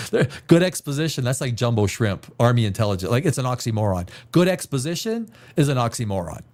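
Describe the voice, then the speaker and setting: In a slightly mellow, mid-range voice with big pitch swings, a host speaks briskly as he runs a casual live stream show from his desk chair at home. He rambles with a sarcastic edge, occasionally swearing and mocking people through put-on voices.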